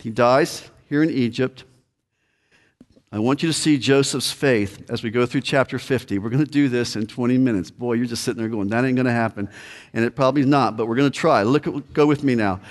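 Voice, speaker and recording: A man preaching a sermon in a conversational way, reading scripture and talking straight to the congregation. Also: mid-range voice. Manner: conversational preaching, addresses listeners directly. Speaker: pastor.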